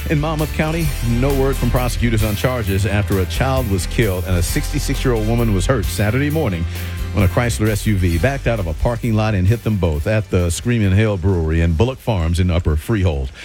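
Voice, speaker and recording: Steady male radio news anchor. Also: on the low side, a little fast, music in the background. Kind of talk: radio newscast.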